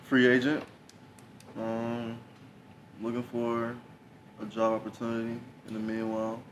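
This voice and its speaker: A young man answering a question in a soft-spoken, halting way. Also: medium pitch, monotone. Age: young adult. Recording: distant from mic, background noise.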